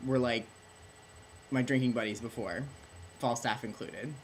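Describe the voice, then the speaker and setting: A man's voice: medium pitch, a little slow, slight background noise, close to an everyday voice, rough recording. A tipsy man voicing a whiny, entitled young prince who talks in valley slang, "like" in every phrase. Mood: flippant. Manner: valley-speak, peppered with "like".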